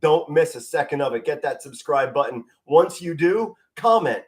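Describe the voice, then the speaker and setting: Middle-aged man, fan play-by-play streamer, standing, passionate and emotional, slightly high voice, occasional stutters. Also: expressive, moderate pace, a little mellow. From Pennsylvania. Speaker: amateur play-by-play commentator. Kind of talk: live fan sports commentary stream. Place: home, standing in front of a flag.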